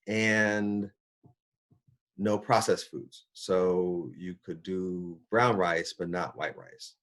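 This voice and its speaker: Middle-aged guy, kinda low voice, doctor telling his story, gets really animated acting out his reactions. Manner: animated, acts out his own reactions with big pitch jumps. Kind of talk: personal storytelling talk.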